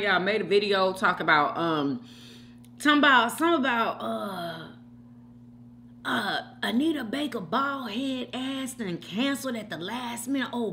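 A middle-aged woman gossips in an easy, chatty way while she eats, talking right to her viewers as y'all and girl. Her voice is bright and forward, and her pitch jumps around a lot. A faint hum sits behind her. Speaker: mukbang vlogger. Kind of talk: casual gossip chat while eating.

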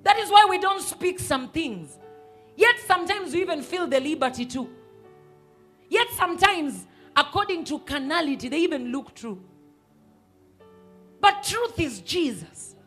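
Lady preacher, bright ringing voice, gets loud and fiery on points. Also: extremely high pitch, animated, unhurried, pauses often, faint music behind. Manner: emphatic, rises to shouts and acts out quoted voices. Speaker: pastor. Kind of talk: sermon.

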